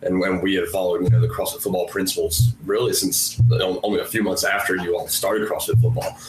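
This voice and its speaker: A male podcast guest who talks quickly in a friendly, self-deprecating way with plenty of fillers. His voice is very low. He sits a little back from the mic in an echoey room, with faint noise underneath. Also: steady tone, far from the mic. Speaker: podcast guest, gym owner. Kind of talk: casual podcast interview.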